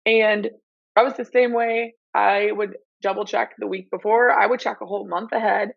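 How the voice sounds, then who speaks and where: A woman co-hosts a podcast in chatty, giggly talk. Her voice has a gravelly fry to it. The sound is dry and dull, like a lo-fi recording. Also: medium pitch, steady tone, normal speed, no echo. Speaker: podcast co-host. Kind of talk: casual podcast chat.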